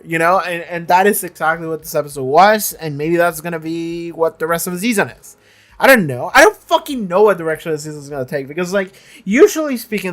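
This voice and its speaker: A man's voice: on the high side, a bit bright. A man casually reviewing a TV episode he just watched, rambling with many restarts and swearing freely. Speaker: reaction channel host.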